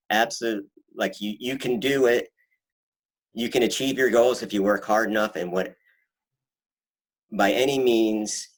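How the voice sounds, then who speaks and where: Band member, male, fairly low voice, loose rambling storyteller who laughs a lot. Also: low-quality recording. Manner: rambling, laughs often, restarts. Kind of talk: casual chat.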